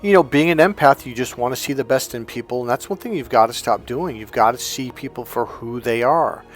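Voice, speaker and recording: A middle-aged man, a life coach, telling a painful personal story in a halting, emotional way, often restarting his words. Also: mid-range voice.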